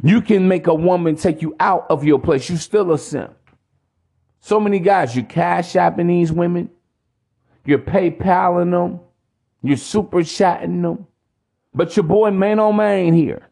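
Male podcast host, preachy profane rant, gravelly voice pitched a bit high. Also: unhurried, dark tone. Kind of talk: ranting podcast monologue.

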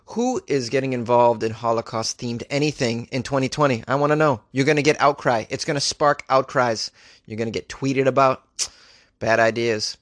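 A man's voice: medium pitch, fairly bright tone, no echo, clean studio sound. A man hosting a weird-news podcast, reading stories aloud and riffing on them with sarcastic disbelief; he says he is a little loopy. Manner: incredulous, ranting, reads stories aloud then riffs. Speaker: podcast host.

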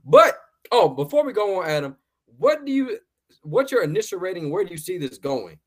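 A man with a somewhat high voice hosts a casual movie review chat. He is blunt and profane and laughs often. He repeats words as he talks. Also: very animated, moderate pace, a bit bright. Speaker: podcast host.

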